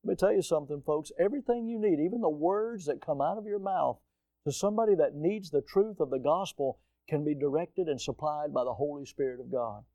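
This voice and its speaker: High-voiced emphatic preacher man. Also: a little fast, no room sound. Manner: emphatic preacher, swings from loud asides to low, earnest stresses; addresses listeners directly as folks. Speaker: pastor. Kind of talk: sermon.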